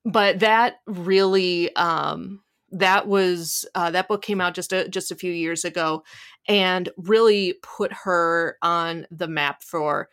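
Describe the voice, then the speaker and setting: Chatty Midwestern woman, low voice. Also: steady tone, slow, a bit bright, clear, resonant tone. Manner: chatty, many fillers and restarts. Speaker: podcast co-host. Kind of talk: casual book podcast chat.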